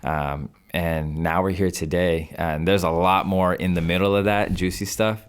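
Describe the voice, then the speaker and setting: A deep-voiced man in his twenties tells a story as a podcast guest. He talks casually and replays his old phone calls in lively bursts. His voice sits low throughout. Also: moderate pace, a little hiss or hum. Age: 20s. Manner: animated storyteller, acts out his own past phone calls. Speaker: podcast guest, real estate investor.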